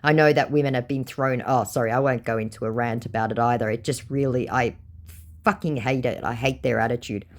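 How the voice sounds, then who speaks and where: A woman hosting her channel, retelling a scammer chat in a sarcastic, expressive way. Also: rumbling low, brisk. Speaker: channel host.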